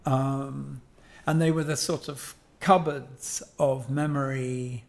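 A gravelly, slow voice of medium pitch with little pitch movement: an Englishman in his 70s, a guest sculptor, reflecting on objects in a digressive, conversational way. He keeps saying um and correcting himself.

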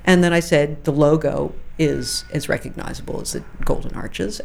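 A middle-aged woman, a fashion journalist being interviewed, telling lively anecdotes with frequent asides. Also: low voice, moderate pace, gravelly, few pauses. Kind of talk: conversational interview storytelling.

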